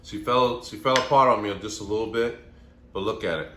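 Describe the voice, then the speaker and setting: A man hosting a home cooking vlog, chatty and excitable as he talks through his dish. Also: lowish voice, fairly quick. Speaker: cooking channel host. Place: home kitchen. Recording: echoey room with faint noise.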